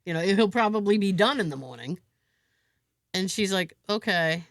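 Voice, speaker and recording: A woman's voice: medium pitch, expressive, moderate pace, no room sound, studio quality. A woman co-hosting a podcast, telling a story in casual chat and acting out other people's lines as she goes. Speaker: podcast co-host.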